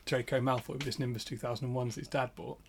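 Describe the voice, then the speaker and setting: A man co-hosting a casual podcast from home, joking and rambling through animated stories. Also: mid-range voice, fast talker, vocal fry, a little hiss or hum. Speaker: podcast co-host. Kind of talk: casual chat.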